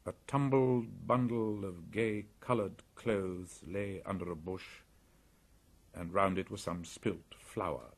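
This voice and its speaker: A man reading a classic story aloud as an audiobook narrator, in slow, deliberate storytelling. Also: deep voice, vocal fry, slightly rough.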